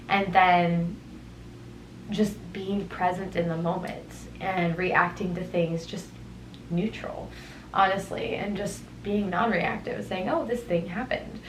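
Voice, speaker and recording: A young woman hosts her own podcast and thinks aloud in an unhurried, reflective way, drifting into tangents now and then. Her voice sits a little low for a woman. The room rings around her, and a faint hiss stays under everything. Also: reverberant, rough recording. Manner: thoughtful, meandering, with tangents and soft laughs. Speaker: podcast host. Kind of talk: reflective solo podcast talk. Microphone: headphones on, studio-style mic.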